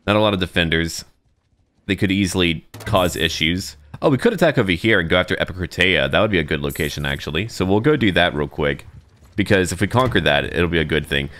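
A man's voice: sits low, fairly bright tone. A man giving casual let's-play commentary, thinking aloud and talking to his troops as he plays. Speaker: gaming YouTuber.

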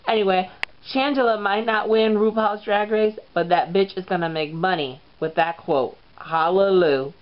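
Hosting his own comedy vlog show, a man swears a lot and keeps things sassy and crude. His high-pitched voice moves at normal speed over a lo-fi, dull recording.

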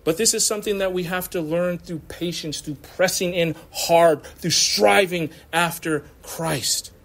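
Guy preaching in church, high voice, really animated, laughs a lot, talks street-casual to the crowd. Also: measured pace. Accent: American. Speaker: pastor. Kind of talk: sermon.

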